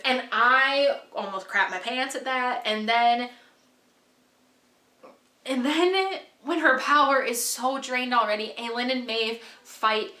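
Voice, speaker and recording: A woman with a fairly high, bright voice recaps a book for her vlog, gushing and rambling with lots of "like"s. She sinks into a hushed tone at the dramatic parts. The recording has a roomy echo. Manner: excitable, gushing, rambling with many "like"s; drops to a hushed low voice for dramatic moments. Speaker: book vlogger.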